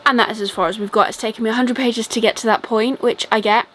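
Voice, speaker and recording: A woman's voice: on the high side, fairly even intonation, quick pace, fairly bright tone, rough recording. A young British woman with a British accent chatting casually through a reading update, rambling with lots of ums and likes. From Britain. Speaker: book vlogger.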